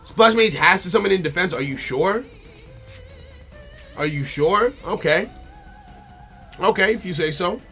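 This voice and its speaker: A man with a high-sitting, gravelly, slightly rough and bright voice streams a card game, thinking aloud at a moderate pace with frequent pauses. He repeats phrases to himself and chats with his opponent and viewers over faint music.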